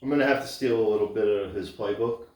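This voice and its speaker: A man's voice: lowish voice, fast, darkish tone. A man co-hosting a casual podcast, telling loose, laid-back stories full of fillers. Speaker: podcast co-host. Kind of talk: crude casual podcast banter. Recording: very echoey room, far from the mic.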